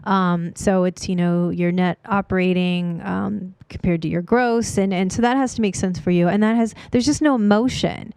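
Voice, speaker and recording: A middle-aged woman, a real estate agent hosting a casual chat, telling lively stories and often laughing. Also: on the low side, normal speed, gravelly, few pauses, clean tone, dry recording. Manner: animated storyteller, acts out quoted voices, laughs often.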